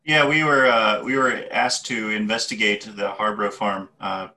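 A man playing a tabletop game, speaking haltingly in character. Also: on the low side, fairly even intonation, pushed and bright, distant mic, slight background noise. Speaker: player. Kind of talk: tabletop role-play.

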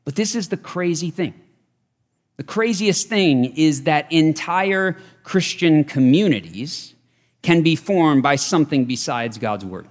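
A man's voice: on the high side, expressive, measured pace. Man preaching in a reverberant hall. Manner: earnest, repeats key phrases for emphasis. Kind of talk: sermon. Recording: long reverb of a large hall.

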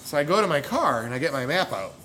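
A man's voice: a little high, quick pace, soft background music. Rambling middle-aged man telling stories. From United States. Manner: rambling and animated, self-correcting, laughs a lot. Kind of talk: casual storytelling chat.

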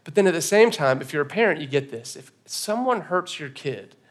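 Male pastor, 30s, high-ish voice, animated sermon storyteller. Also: brisk. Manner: animated storytelling, acting out scenes, swinging from soft to loud. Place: church stage.

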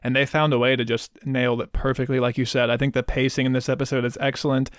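A man co-hosting a casual podcast, relaxed and chatty. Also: mid-range voice, fast, no echo, studio quality. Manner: relaxed, says "dude" a lot. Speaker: podcast co-host.

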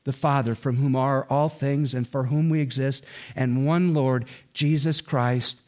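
A man preaching a sermon as pastor, slow and emphatic, with his pitch rising and falling widely for emphasis. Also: steady tone, darkish tone.

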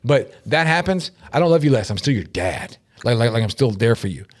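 A middle-aged man co-hosting a casual talk show, animated and laughing often as he acts out quotes in shifting voices. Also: medium pitch, brisk. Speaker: podcast co-host. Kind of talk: casual chat.

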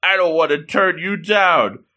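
A man's voice: high-pitched, a little slow, sharp tone, pitched above the performer's own voice. A man doing a blunt, earnest teen boy. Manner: matter-of-fact, blurting. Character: earnest, straight-arrow teenage boy, blunt and honest.

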